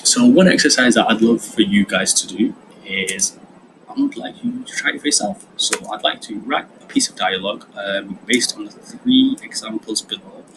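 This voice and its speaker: A man's voice: lowish voice, very animated, normal speed, noisy background. A man, a drama teacher explaining a lesson in a chatty way with fillers. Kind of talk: recorded online lesson.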